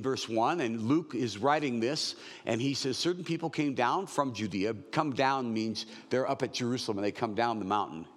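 Older guy pastor, casual preachy teaching, cracks jokes, mid-pitch, big echoey hall. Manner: conversational, joking asides. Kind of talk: sermon, verse-by-verse teaching.

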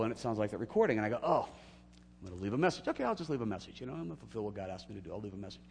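A man preaching a sermon as pastor, telling a story and acting out the dialogue, swinging from hushed to loud. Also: mid-range voice, big pitch swings, racing, gravelly, big-room sound, slight background noise.

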